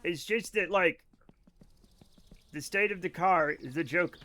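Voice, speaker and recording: A man streaming a game live, chatting casually with his viewers; he rambles, gets excitable and mock-angry, and swears freely. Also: high voice, a little slow. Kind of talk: casual live-stream chat while gaming.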